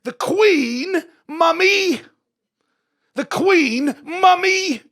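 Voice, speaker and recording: A man voicing a defiant young queen with a put-on British accent, shrill and shouted. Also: fast talker, husky.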